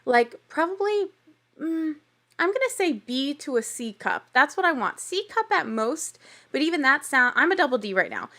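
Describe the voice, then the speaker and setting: Young woman host, bright and fairly high voice, candid and chatty, laughs easily. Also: very animated, moderate pace. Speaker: podcast host. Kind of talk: casual TV recap.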